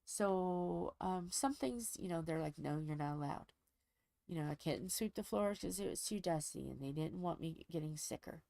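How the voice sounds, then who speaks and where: A woman's voice: fairly low pitch, normal speed, creaky, hardly any pauses, mellow, no room sound. A woman hosting a diamond painting channel, chatting casually while she crafts and telling a rambling, folksy story from home.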